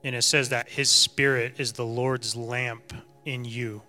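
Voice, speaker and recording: Bright-voiced man giving a calm reflection. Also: mid-range voice, measured pace, faint music behind. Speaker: co-teacher in a congregation. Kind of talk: sermon reflection.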